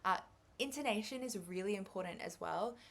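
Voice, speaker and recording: A woman's voice: mid-range voice, fairly quick, creaky. A young Australian woman giving a revision lecture on English exam skills, chatty and upbeat, with light laughs.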